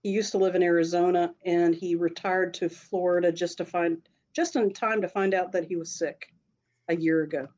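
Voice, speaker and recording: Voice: mid-range voice, steady tone, normal speed, a little mellow, lo-fi sound. A speaker telling a personal story in a casual, rambling way, often breaking into laughter. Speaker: storyteller sharing a personal experience.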